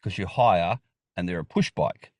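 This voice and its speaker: A man's voice: low voice, lively intonation, moderate pace, a little mellow, dry recording. A man with an Australian accent, a guest chatting casually in an interview, rambling, repeating words and laughing often. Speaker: podcast guest.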